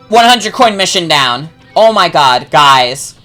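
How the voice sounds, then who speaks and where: A woman's voice: lowish voice, bright, forceful tone. A woman streaming a game, chatting and joking casually with her chat and swearing freely. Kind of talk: casual gameplay commentary.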